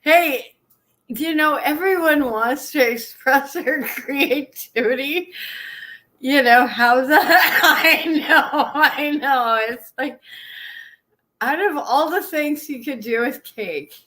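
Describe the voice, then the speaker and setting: A woman's voice: high-pitched, slow pace, pushed and bright. A woman live-streaming in casual chat, often laughing through her words.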